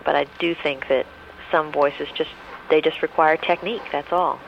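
A voice actor, a man with a slightly high, gravelly, flat voice, talking matter-of-factly. The recording is dull and lo-fi, with faint traffic noise behind. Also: normal speed. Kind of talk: interview talk.

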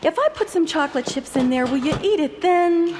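Gentle evasive mom, fairly high voice, long reverb, faint hiss. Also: female voice, lively intonation, fairly quick. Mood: soothing. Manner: gentle, deflecting. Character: patient, evasive mother at breakfast.

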